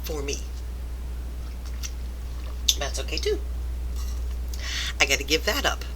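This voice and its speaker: A woman's voice: low voice, big pitch swings, slow pace, pushed and bright, slight background noise. A woman vlogger ranting about work, rambling and exasperated, turning self-reflective. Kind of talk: rambling personal rant to camera.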